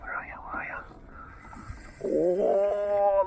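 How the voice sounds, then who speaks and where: An Australian man fishing from a kayak outdoors, narrating to an action camera and bursting into excited exclamations. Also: fairly high pitch, slow, slight background noise. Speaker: fishing vlogger. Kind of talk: casual fishing commentary. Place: outdoors on a kayak on open water.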